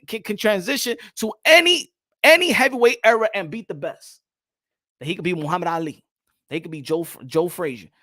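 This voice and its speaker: High-voiced excitable man talking boxing. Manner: animated, repetitive, gets loud and excited. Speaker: boxing show host. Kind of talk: casual boxing commentary.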